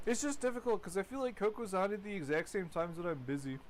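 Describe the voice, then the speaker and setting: A man's voice: high-pitched, quick pace, a little hiss or hum. A man rambling casually while commentating his gameplay, chatty and swearing now and then. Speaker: gaming streamer.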